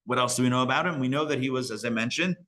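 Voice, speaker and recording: Brief: male rabbi, live Torah lesson, casual humorous asides, bright medium-pitched voice. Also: rapid-fire. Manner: casual, joking, digressive. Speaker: rabbi teaching a class. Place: synagogue learning center.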